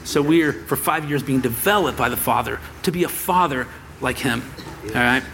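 His mid-range voice has some vocal fry, and he keeps a moderate pace over slight background noise. This pastor, standing in a church sanctuary, tells his congregation a personal story and performs the voices within it with animation.

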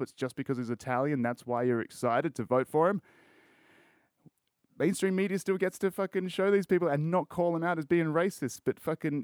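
A man's voice: mid-range voice, darkish tone, no room sound, studio quality. An Australian man hosting a solo podcast, rambling in casual chat with lots of swearing and crude jokes. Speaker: podcast host.

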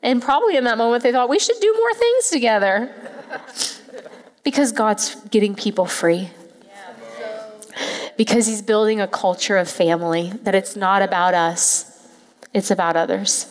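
A woman's voice: medium pitch, moderate pace. A woman pastor giving a heartfelt, conversational sermon to her church. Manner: heartfelt, conversational, tearful at moments. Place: church sanctuary. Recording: long hall reverb.

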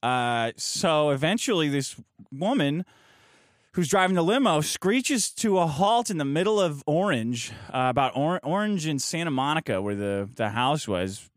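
A man's voice: a little high, very animated, normal speed, no echo. A man telling a profane, mocking story as a podcast guest, close to the mic.

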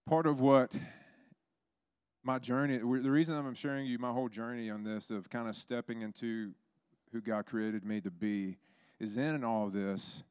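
A man's voice: medium pitch, steady tone, moderate pace, darkish tone, smooth, no room sound, studio quality. A man preaching a sermon, telling stories and acting out the voices in them. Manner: storytelling, acts out quoted voices.

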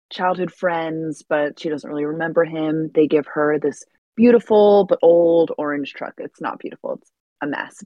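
A woman's voice: sits low, no echo, dull audio. Enthusiastic woman retelling a story. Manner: enthusiastic, animated plot summary with frequent laughs. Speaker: podcast co-host. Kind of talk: casual podcast chat.

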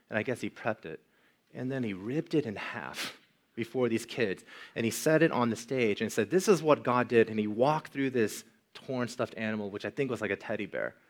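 A man preaching a sermon, asking the congregation questions and moving between hushed, low passages and loud, rising emphasis. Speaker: pastor.

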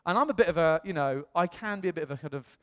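British pastor in a reverberant hall. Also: male voice, a little high, fast. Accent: British English. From England. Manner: animated, acts out quoted voices. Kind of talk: storytelling sermon.

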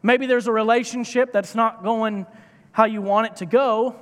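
A man's voice: extremely high pitch, steady tone, moderate pace, fairly bright tone, in a large hall. A man giving a sermon from a church stage, in a playful, joking manner. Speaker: preacher.

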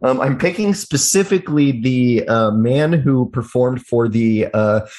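A man's voice: medium pitch, a little slow, a little mellow. A man co-hosting a casual podcast chat, rambling and joking as he describes a show character. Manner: rambling, self-interrupting, jokey. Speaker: podcast co-host.

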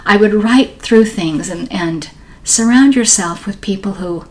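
A woman's voice: mid-range voice, unhurried. A woman, a podcast guest telling her story in a rambling, heartfelt way. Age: 60s. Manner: warm, emotional, rambling storyteller. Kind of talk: conversational interview.

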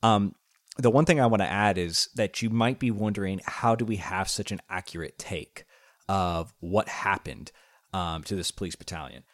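A man co-hosting a casual podcast, talking earnestly and often pausing with fillers and restarts. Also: deep voice, dry recording, studio quality. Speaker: podcast co-host.

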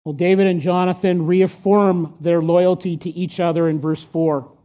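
A man preaching a sermon, emphatic and asking the listeners rhetorical questions, sometimes dropping to a hush for stress. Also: sits high, steady tone, normal speed.

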